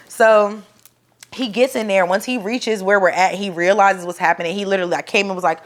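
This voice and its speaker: A young woman telling the story of her home birth to the camera, casual and profane, acting out what people said loudly and growing soft and quiet when emotional. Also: mid-range voice, brisk. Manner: animated, profane, acts out quoted voices loudly.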